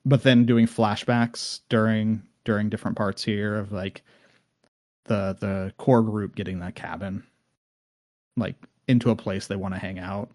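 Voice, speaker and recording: A man's voice: lowish voice, steady tone, unhurried, a little mellow, dry recording, studio quality. A man hosting a podcast, talking in a loose, rambling way with many ums. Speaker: podcast host. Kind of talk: casual podcast chat.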